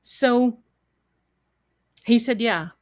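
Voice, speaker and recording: Unhurried woman spinning a lively yarn, quick to laugh. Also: a little high. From Tennessee. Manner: animated, laughing, quotes others in put-on voices. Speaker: storyteller guest. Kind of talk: casual storytelling on a live stream.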